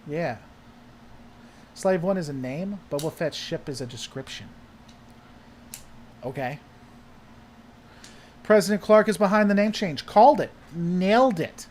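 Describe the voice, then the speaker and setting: A man's voice: high-pitched, unhurried, pauses often, a little mellow. A man hosting a casual livestream chat, rambling and heavily sarcastic as he answers viewers. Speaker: host.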